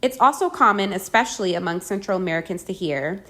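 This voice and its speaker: A woman narrating a language lesson, reading each phrase slowly and clearly before translating it. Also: medium pitch, expressive, a bit bright. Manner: clear, deliberate, slows down for the phrases. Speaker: language teacher.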